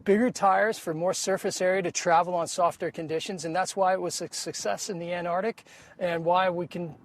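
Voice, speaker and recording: A man guiding and coaching a rider outdoors on a beach, talking in a relaxed, encouraging way with small restarts. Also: high voice, fairly quick. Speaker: polar expedition guide. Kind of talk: casual coaching on location.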